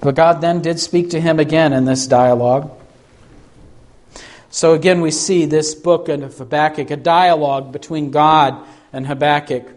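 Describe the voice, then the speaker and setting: A man preaching a sermon, slow and emphatic, pleading through rhetorical questions. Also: a little high, steady tone. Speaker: pastor.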